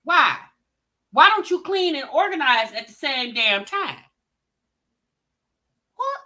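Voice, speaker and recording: A woman hosting a reaction video, giving loud, teasing commentary and talking straight to her viewers. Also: high voice, very animated, takes it slowly, a little hiss or hum.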